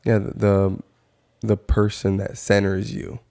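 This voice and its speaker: A man's voice: fairly low pitch, completely flat delivery, a little slow, gravelly, warm tone. A man hosting a podcast, chiming in casually and briefly. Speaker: podcast host. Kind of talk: casual interview chat.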